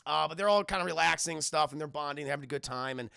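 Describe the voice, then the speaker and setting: A man casually recapping a film to his live chat, rambling, swearing and excitable, keeps calling out to the chat. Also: on the high side, rapid-fire, vocal fry, smooth, no echo, studio quality. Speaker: film reviewer streaming to chat.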